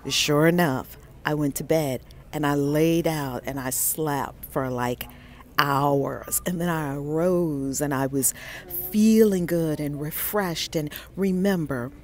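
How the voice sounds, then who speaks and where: A woman's voice: low voice, takes it slowly. Effusive woman vlogging from a bookstore. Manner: effusive, greets viewers by name, repeats phrases. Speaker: spiritual vlogger hosting a live stream. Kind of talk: casual live-stream chat. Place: inside a bookstore.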